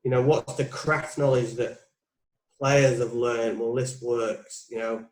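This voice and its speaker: A man's voice: mid-range voice, steady tone, slow. A man in his forties, a putting coach, thinking aloud in a reflective, musing way in a casual chat. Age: 40s. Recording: roomy echo.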